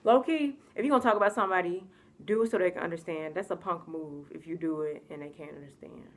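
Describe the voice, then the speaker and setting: A young woman from the United States telling a casual storytime vlog, animated and exasperated, acting out what people said to her. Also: lowish voice, quick pace.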